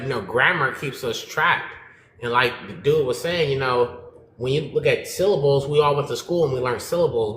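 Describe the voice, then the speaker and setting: A man speaking as a panel guest on a live stream, animated and slangy, rambling through stories and ideas over a remote call. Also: medium pitch, reverberant, slight background noise, low-quality recording. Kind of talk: casual chat.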